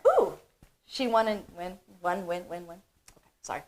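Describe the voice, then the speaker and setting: A middle-aged woman hosting a live stream for her company, talking in an emotional, effusive way with bursts of excitement. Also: on the low side, moderate pace.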